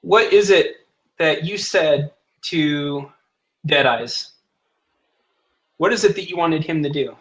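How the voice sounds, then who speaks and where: Guy doing a strict noble lady, stern and measured, bright voice. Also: fairly high pitch, poor audio.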